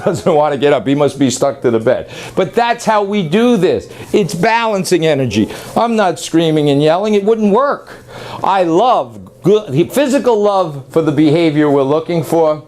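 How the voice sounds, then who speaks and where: A man talking casually on camera while training dogs, wandering from point to point and correcting himself as he goes. His voice sits a little high for a man, with a faint wash of outdoor noise behind him. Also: a little mellow. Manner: rambling, chatty, self-correcting. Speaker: dog trainer.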